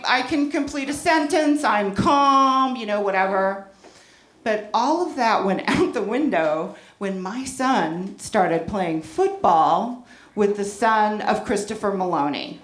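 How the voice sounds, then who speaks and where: A woman's voice: a little high, a bit bright. A woman in her forties doing a brash, profane, self-deprecating stand-up set in a comedy club. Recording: roomy club with audience laughter. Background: audience laughter.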